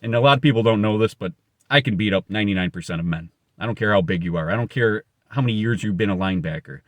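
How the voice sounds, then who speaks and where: A man's voice: fairly low pitch, quick pace, no echo. A man giving an unscripted motivational monologue, blunt, boastful and profane, rambling and correcting himself as he goes. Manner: emphatic, rambling with self-corrections. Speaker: motivational speaker.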